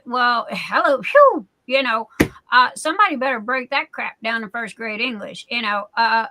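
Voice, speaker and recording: Woman in her forties, livestream host; bright, rather high voice, emphatic chatty delivery. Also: unhurried, rough recording. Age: 40s. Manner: emphatic, repeats herself, keeps asking "okay?". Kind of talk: casual live chat.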